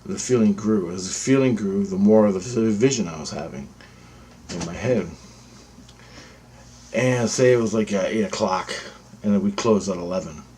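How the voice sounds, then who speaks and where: A man's voice: fairly low pitch, normal speed, pauses often, a little mellow, slight background noise. A man telling a personal story in a rambling, repetitive way, swearing freely. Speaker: vlogger. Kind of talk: casual spoken storytelling.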